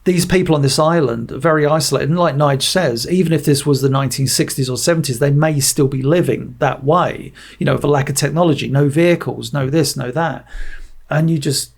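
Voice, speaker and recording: A man on a podcast talks through a film review in loose, casual chat. His voice sits a little high for a man and has a gravelly, fry-laden edge. He rambles, restarts sentences and acts out scenes as he retells them. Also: brisk. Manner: rambling, many restarts and fillers. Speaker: podcast co-host.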